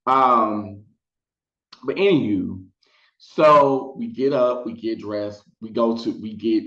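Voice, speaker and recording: Chatty man telling a storytime, echoey room. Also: dull audio. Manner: chatty, animated, quick high-pitched voices for quoted people. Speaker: storytelling vlogger. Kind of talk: casual storytime monologue.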